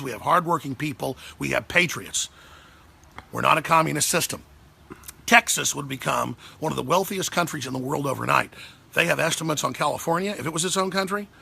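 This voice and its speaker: Gravelly, tense man ranting. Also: pushed and bright. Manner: heated and sarcastic, swings pitch and pace. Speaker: talk show host. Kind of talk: angry political rant.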